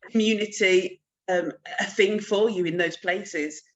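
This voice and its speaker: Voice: mid-range voice, steady tone, measured pace, lo-fi sound. A podcast host asking probing questions and cutting in during a conversational interview.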